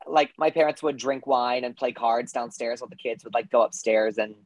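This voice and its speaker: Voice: mid-range voice, level tone, dry recording. Chatty podcast co-host, dry close sound. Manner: self-deprecating storyteller, quick asides. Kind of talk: casual chat.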